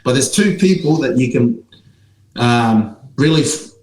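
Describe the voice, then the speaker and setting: A man's voice: mid-range voice, animated, unhurried. A man in his thirties, a former pro player, telling stories in a casual chat with lots of fillers and laughter. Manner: laid-back, laughs through stories, many fillers. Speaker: podcast co-host, former pro rugby player. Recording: echoey room with faint background noise.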